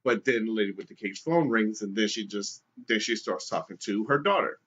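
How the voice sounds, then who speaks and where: This co-host has a lowish voice and talks a little fast as he spins a story in crude, casual podcast chat. He brings the people in it to life with quoted voices, and the recording sounds dull and lo-fi.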